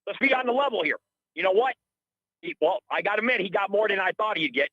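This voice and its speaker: A man's voice: sits high, lively intonation, fast, no echo, highs cut off. A middle-aged man calling in to a radio show, ranting in a heated, rambling, indignant way and repeating himself. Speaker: caller. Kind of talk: heated call-in rant.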